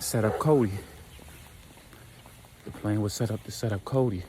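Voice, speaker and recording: A man's voice: lowish voice, normal speed, long pauses, background noise. A man casually narrating a story in slangy, conversational speech. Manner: slangy, conversational, retells with quoted voices.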